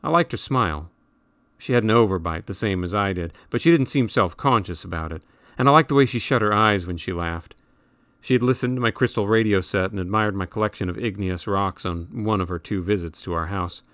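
A man reading a novel aloud in measured, wry audiobook narration. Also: lowish voice, fairly bright tone, no room sound.

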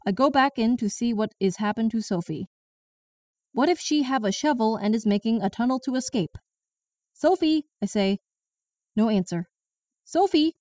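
A woman's voice: on the high side, lively intonation, moderate pace, pauses often, darkish tone, no echo, far from the mic, close to an everyday voice. A woman voices a stern Chinese grandmother in her late sixties, speaking broken English with a Chinese accent. She tells her story bluntly and with plain indignation, in an audiobook style. The voice sits a little off the mic in a dead, dry room. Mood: scolding. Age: 60s. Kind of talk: first-person audiobook narration.

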